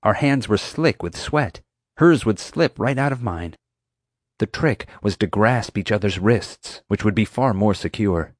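Low-voiced man narrating a storybook. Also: expressive, a little slow, husky, dry recording, studio quality. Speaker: audiobook narrator. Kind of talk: first-person storybook narration.

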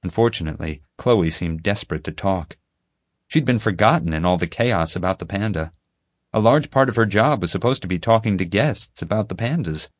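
A man narrates a story in the first person with a steady, even delivery. His voice sits on the low side. The recording is dry with no room around it. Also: brisk, no room sound. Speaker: audiobook narrator. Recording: dry close studio sound.

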